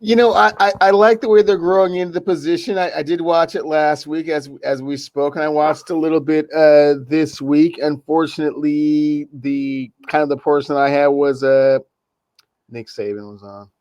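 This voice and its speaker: Flat-voiced man in dry sports chat. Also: a little high, moderate pace, dry recording. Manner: hesitant, leans on "you know". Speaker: podcast co-host.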